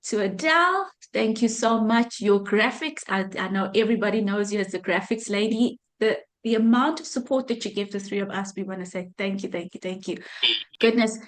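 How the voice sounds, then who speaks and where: A woman's voice: mid-range voice, a little fast. A woman from South Africa giving a heartfelt, effusive thank-you speech to her community on a video call, repeating her thanks again and again. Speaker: community leader.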